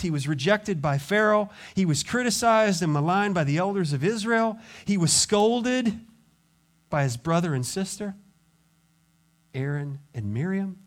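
A pastor preaching a sermon, acting out quoted voices and dropping to quiet intensity. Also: male voice, high-pitched, animated, a little slow.

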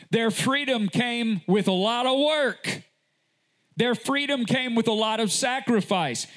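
A man pastor delivering a sermon at an unhurried pace. His voice sits high and climbs higher when he presses a point. He drives his message home with repeated rhetorical questions. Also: a bit bright. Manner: slow, deliberate delivery with sudden rises in pitch.

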